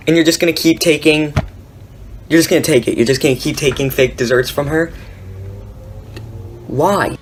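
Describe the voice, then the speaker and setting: A woman's voice: low-pitched, normal speed, long pauses, slight background noise. A young woman giving sarcastic, incredulous reaction commentary on prank videos, laughing often. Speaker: commentary YouTuber.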